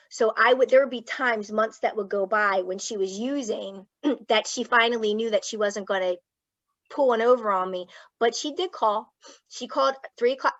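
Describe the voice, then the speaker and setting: A woman's voice: fairly high pitch, normal speed, no echo. A woman psychologist from Philadelphia talks as a guest over a video call. She is candid and blunt, and she curses without a second thought. The sound is muffled and dry, with no room around it. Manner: blunt, swears freely, speaks frankly. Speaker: guest speaker, clinical psychologist. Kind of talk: candid personal storytelling to an audience.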